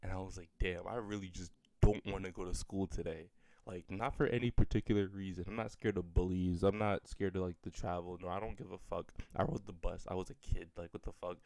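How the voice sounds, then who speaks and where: A man's voice: sits low, fairly even intonation, quick pace, creaky, hardly any pauses, darkish tone, dry recording. A young man telling a personal story in a rambling, profane way, full of filler words. He is a little sick, and his voice sounds slightly off. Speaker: storyteller vlogger. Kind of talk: casual storytelling.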